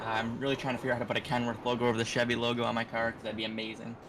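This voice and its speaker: A young man interviewed after a sim race, relaxed and joking, with plenty of fillers. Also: medium pitch, rapid-fire, noisy background. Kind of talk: casual post-race interview.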